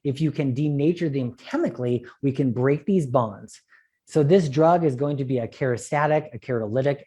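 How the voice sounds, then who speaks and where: A man lecturing on eye treatments at a conference, animated and joking, with quick asides. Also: mid-range voice. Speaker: optometrist lecturer.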